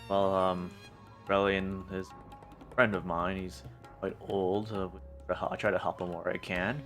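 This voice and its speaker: An evasive old replicant shopkeeper who deflects a detective's questions , as a deep-voiced game master puts him on. Soft music drifts underneath. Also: male voice, level tone, measured pace. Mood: wary. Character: old male replicant butterfly seller, evasive.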